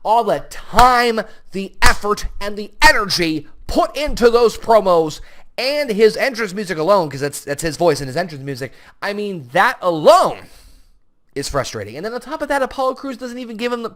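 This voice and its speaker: A young man giving a casual solo review of a wrestling show, animated and full of restarts and asides. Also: on the high side.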